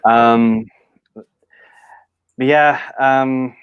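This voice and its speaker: A man's voice: medium pitch, fairly even intonation, extremely slow, clean tone. Rambling man with dull lo-fi sound. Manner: rambling, full of fillers and restarts. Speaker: podcast host. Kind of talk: casual chat.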